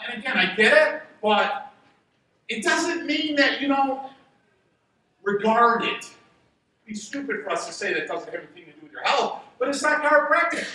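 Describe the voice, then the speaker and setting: Fiery, high-pitched man on a stage, booming through a hall. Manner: energetic, shouting at peaks, drops to a hushed aside. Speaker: chiropractor speaking at a seminar. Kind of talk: motivational stage talk. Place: large event hall with an audience. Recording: roomy hall reverb, heard from a distance.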